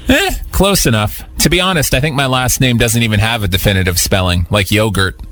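A man hosting a comedic talk radio parody, sarcastic and quick with jokes, and given to mock-pompous rambling. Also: mid-range voice, animated, fairly bright tone. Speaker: radio show host.

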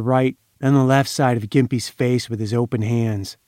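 A man reading a crime story aloud in measured, dramatic audiobook narration. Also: medium pitch, steady tone, darkish tone, no room sound, clean studio sound.

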